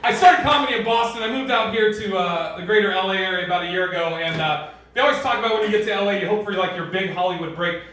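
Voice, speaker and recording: High-voiced profane stand-up comic in an echoey club. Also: male voice, fast talker. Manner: laughing through punchlines, profane. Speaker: stand-up comedian. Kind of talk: stand-up set. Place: comedy club stage. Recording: echoey club mic from far off, loud room noise.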